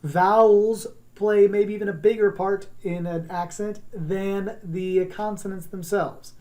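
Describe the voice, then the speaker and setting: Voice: mid-range voice, steady tone, a little slow, mellow. A teacher giving a recorded class lesson on accents, talking in an encouraging, conversational way and showing sounds.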